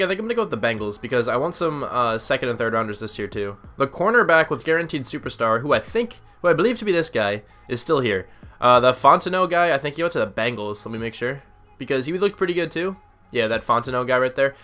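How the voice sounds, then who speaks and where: A man's voice: mid-range voice, sing-song, fast talker, bright, forceful tone. A young man giving casual gameplay commentary, chatty and thinking aloud with lots of fillers. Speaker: gaming YouTuber.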